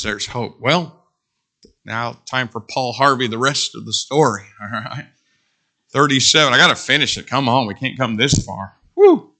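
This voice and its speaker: A middle-aged man preaching a sermon, animated, breaking into whoops and joking asides. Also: mid-range voice.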